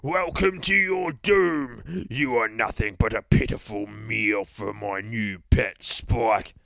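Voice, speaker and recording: Man doing a slow booming boogeyman villain. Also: creaky, fairly bright tone, no room sound. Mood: gloating. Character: menacing monster boogeyman, ruler of a dark realm.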